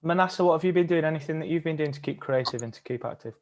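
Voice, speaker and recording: A man's voice: fairly high pitch, racing, a little hiss or hum. A man from England co-leading a live-streamed acting workshop, speaking thoughtfully with some hesitant restarts. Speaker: workshop leader.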